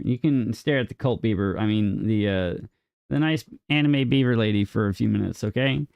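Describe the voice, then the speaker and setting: Recorded dry in studio quality, this young man's medium-pitched voice is gravelly, a little mellow, and sing-song at a moderate pace. Streaming a game, he responds to chat casually and teases his viewers with mock indignation, pitch rising on questions.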